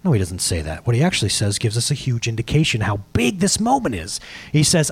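Animated male pastor preaching. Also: medium pitch, fairly quick, gravelly, slightly rough. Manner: animated, emphatic, talks to the congregation directly; asks for slides during the talk. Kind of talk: sermon.

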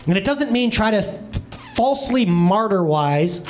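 A pastor in his thirties preaches a lighthearted sermon from the church stage. He sits high in pitch and tells his stories with playful character voices and fast asides.

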